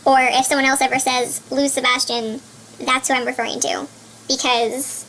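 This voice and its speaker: A young woman casually telling a long story to camera, excitable and rambling, with frequent stammered restarts. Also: high-pitched, normal speed, a little hiss or hum, poor audio.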